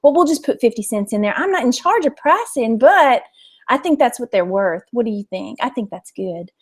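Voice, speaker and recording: Woman putting on a sweet, rambling shop clerk with a thick East Texas drawl, pitched a touch high. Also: lively intonation, normal speed. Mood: chatty. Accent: thick East Texas Southern.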